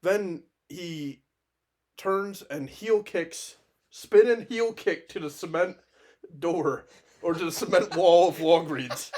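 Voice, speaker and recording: Male podcast co-host, slightly higher voice, animated and profane storytelling in loose casual chat. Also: slow pace. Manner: animated, profane anecdote-telling with laughs.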